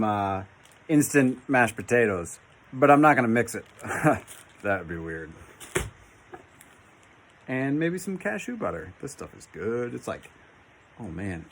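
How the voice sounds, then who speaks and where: A man's voice: mid-range voice, slight background noise. A man on a long-distance hike, talking casually to a handheld camera outdoors, easygoing and rambling as he thinks aloud. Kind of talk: casual trail vlog. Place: outdoors on a mountain trail.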